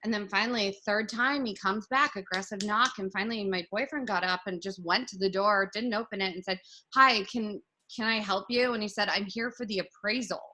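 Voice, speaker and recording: Chatty thirties woman, bright forceful voice, rambly and casual. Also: medium pitch, fairly quick, few pauses. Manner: chatty, full of "like" fillers. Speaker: podcast guest. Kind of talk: casual storytelling.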